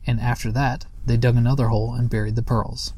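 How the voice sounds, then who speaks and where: A man narrating a children's storybook aloud in a steady, gentle manner. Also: mid-range voice, a little fast, slightly rough.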